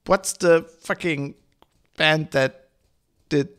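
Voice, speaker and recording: A male podcast host, hoarse from hay fever, chatting casually on his own, rambling with lots of fillers, restarts and swearing. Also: a little high, drawn-out words, fairly bright tone. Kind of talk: casual solo podcast chat.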